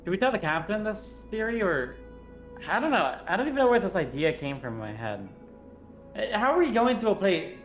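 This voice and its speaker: A man's voice: high voice, sing-song, brisk, soft background music. A man playing a tabletop game, asking question after question in a doubtful, incredulous way. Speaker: player. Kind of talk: tabletop game chat, in and out of character.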